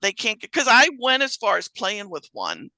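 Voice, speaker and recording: A woman's voice: medium pitch, wildly swooping pitch, normal speed, sharp tone, no echo, poor audio. A woman hosting her podcast in casual chat, rambling and often restarting her sentences. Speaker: podcast host.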